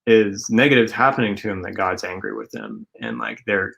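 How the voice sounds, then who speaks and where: Male co-host, lowish voice, earnest and rambling faith talk. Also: sing-song, normal speed, vocal fry, a bit bright, highs cut off. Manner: earnest, rambling, filler-heavy.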